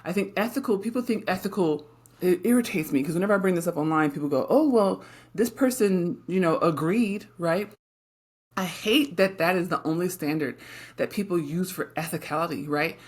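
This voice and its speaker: A middle-aged woman co-hosts a casual podcast conversation. She speaks frankly and with emphasis, and keeps turning to her partner with quick tag questions. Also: fairly low pitch. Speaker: podcast co-host.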